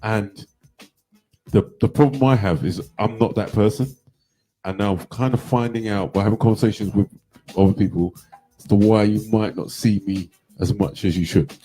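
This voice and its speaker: A man's voice: on the low side, moderate pace, warm tone, soft background music, poor audio. A middle-aged man co-hosting a casual radio chat and reflecting on the scene.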